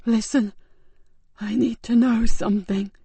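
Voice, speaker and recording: A woman voicing a dying, tortured man who speaks in a slow, halting, breathy near-whisper, short of breath. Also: on the high side, fairly even intonation, warm tone, no echo, voice pushed up, exaggerated voice. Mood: weak pleading.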